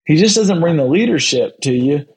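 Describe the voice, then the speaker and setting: A man hosts a casual sports talk podcast. His voice sits a bit high for a man. He moves the talk along in a quick, easygoing way. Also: expressive, poor audio. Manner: quick, conversational, runs the segment. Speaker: podcast host.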